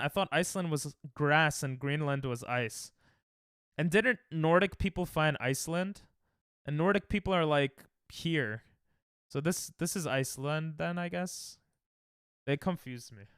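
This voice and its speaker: On the high side and a little slow, this young man from the United States sounds a bit bright, clear and resonant. Casual stream chatter accompanies his geography guessing game as he thinks aloud and trash-talks chat, all in clean studio sound with no room noise.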